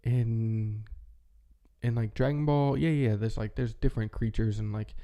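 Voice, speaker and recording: A man in his thirties hosting a relaxed monologue, rambling with lots of fillers as he reminisces nostalgically. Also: mid-range voice, measured pace, vocal fry. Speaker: channel host.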